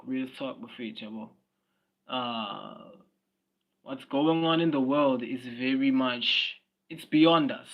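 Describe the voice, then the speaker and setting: Young South African man, mid-pitched, casual livestream chat, blunt slang, repeats lines, muffled lo-fi audio. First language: Swati. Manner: repeats himself, slangy and blunt, talks to viewers' comments. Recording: dull lo-fi stream audio.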